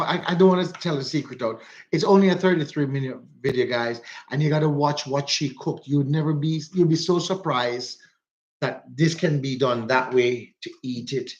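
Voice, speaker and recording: A man's voice: a little high, muffled recording. A man with a Jamaican accent hosting a casual live chat with viewers, rambling and repeating himself for emphasis. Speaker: livestream host.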